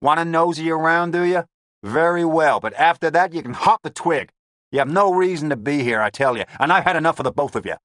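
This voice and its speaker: A man's voice: lowish voice, animated, fairly quick, a bit bright, no room sound, clean studio sound. A man voicing a surly, bullying gangster boss who snarls his curt, contemptuous lines. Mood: snarling.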